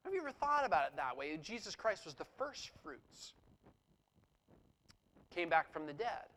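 A man's voice: a little high, sing-song, normal speed, fairly bright tone, rough recording. A man preaching a sermon, explaining a scripture passage verse by verse and reading passages aloud with rising intensity. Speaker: pastor.

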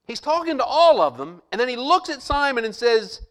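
High, animated male preacher. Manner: dramatic pauses, slowed emphatic scripture quotes, rhetorical questions. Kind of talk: sermon with scripture reading.

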